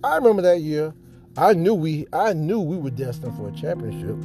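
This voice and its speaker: A man's voice: on the high side, sing-song, brisk, over music. A man hosting a podcast, telling an emotional sports fan story in a dramatic, repetitive and heartfelt way. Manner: earnest, heartfelt. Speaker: podcast host.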